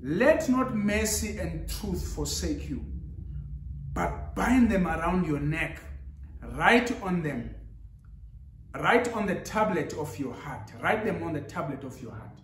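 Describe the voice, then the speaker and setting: A man's voice: a little high, animated, slow, slight background noise. A man preaching a sermon with rising emphasis, switching into Zulu now and then. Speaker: pastor. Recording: echoey church hall.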